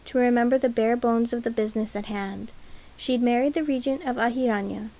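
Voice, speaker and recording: Female audiobook narrator, a touch high, steady storytelling. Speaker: audiobook reader. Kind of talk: scripted narration.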